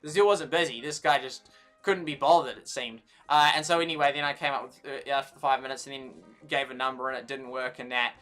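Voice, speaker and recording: A man's voice: medium pitch, fairly even intonation, a little fast, a bit bright, faint music behind. A man with a New Zealand accent rambling through an aggrieved story, restarting sentences often. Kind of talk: casual ranting vlog.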